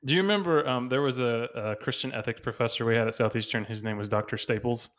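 A man in his thirties hosts a relaxed podcast conversation with his friend. He jokes easily and laughs often. He slips into playful voices when he quotes other people. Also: mid-range voice, fast. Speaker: podcast co-host. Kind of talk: casual chat.

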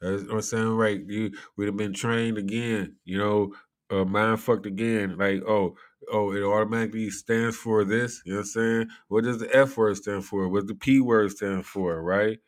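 A man's voice: on the low side, steady tone, normal speed. A man giving loose, rambling commentary to his viewers, laughing often and swearing freely. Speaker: commentary vlogger.

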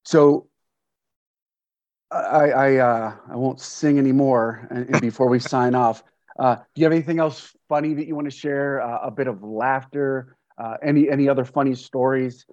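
A man, a grandfather, hosting a casual interview, speaking earnestly and haltingly with many fillers and restarts. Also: mid-range voice, fairly even intonation, a little mellow, no echo. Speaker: podcast host. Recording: dull, dry lo-fi sound.

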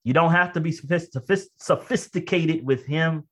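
A man preaching a sermon in a conversational way, telling a personal story. He moves between quick asides and slow, emphatic phrases, and his voice jumps high and loud when he relives strong feelings. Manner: rises to loud high-pitched outbursts when reenacting emotion.

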